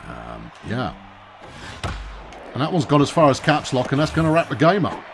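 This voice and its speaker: A man's voice: medium pitch, huge pitch swings, moderate pace, creaky, noisy background. A man giving wry, chatty commentary while he plays a baseball video game, often talking to himself. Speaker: gaming video host. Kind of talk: let's-play commentary.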